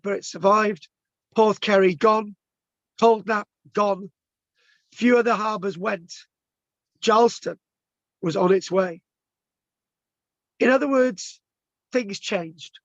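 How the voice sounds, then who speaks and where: A man's voice: high-pitched, dry recording, highs cut off. A man with a strained, tired voice, giving a rambling informal history talk and stumbling over place names. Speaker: local history presenter.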